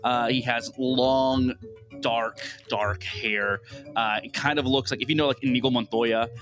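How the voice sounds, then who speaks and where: A man's voice: medium pitch, steady tone, a little slow, music in the background. A man narrating a tabletop game as game master, casual and rambling with many fillers.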